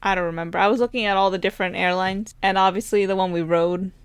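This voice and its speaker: A woman's voice: mid-range voice, steady tone, fast, clear, resonant tone, no room sound. A young woman in casual chat, laid-back and chiming in with short remarks.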